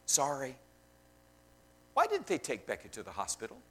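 A man preaching a sermon, swinging between loud emphasis and quiet asides and questioning the congregation directly. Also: mid-range voice, wildly swooping pitch, moderate pace, slightly rough. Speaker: pastor.

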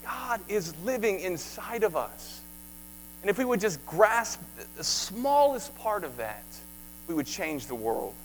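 A man's voice: high voice, sing-song, measured pace, faint music behind, low-quality recording. A man preaching a sermon as pastor, talking conversationally with stumbles and repeats, then building to passionate questions. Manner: conversational, repeats words, rises to impassioned questioning.

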